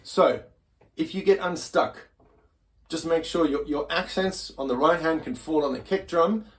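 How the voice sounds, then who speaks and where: A man with a fairly high voice speaks a little slowly while teaching a casual drum lesson. He's loose and self-deprecating and often restarts sentences, with loud drums and music, including a drum kit being played, behind him.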